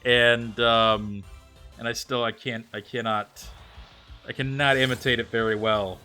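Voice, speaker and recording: Bright, chatty male streamer. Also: medium pitch, little pitch movement, unhurried, soft background music. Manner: chatty, thinks aloud, reads out and answers chat. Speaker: live streamer. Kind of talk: casual chat with viewers while gaming.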